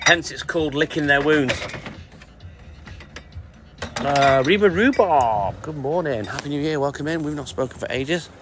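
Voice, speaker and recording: A man's voice: a little high, fast, few pauses, noisy background. A man hosting a casual live stream, chatty and joking while greeting viewers by name. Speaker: livestream host. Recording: music playing clearly behind. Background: music.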